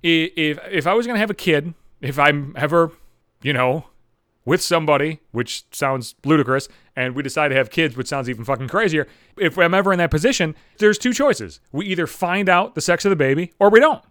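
Profane ranting man, lively pitch. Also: brisk, dry recording, studio quality. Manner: ranting, profane, sarcastic, with mocking voices for others. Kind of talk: profane comedic rant.

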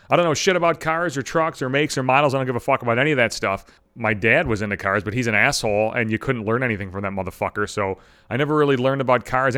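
A man's voice: mid-range voice, pushed and bright. A man hosting a podcast, telling a story in a rambling, profane, self-mocking way. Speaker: podcast host. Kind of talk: casual solo storytelling.

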